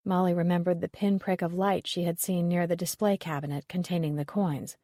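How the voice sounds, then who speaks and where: A woman with a lowish voice narrating a mystery audiobook at a steady, even pace. The recording is dry and close, with no room sound. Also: a little fast, few pauses, dry recording. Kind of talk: scripted narration.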